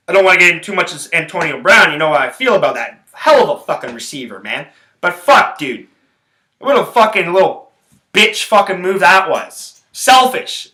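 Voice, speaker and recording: Profane ranting man, high bright voice. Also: echoey room, rough recording. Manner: profane, rambling, heated. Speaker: podcast host. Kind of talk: casual sports rant.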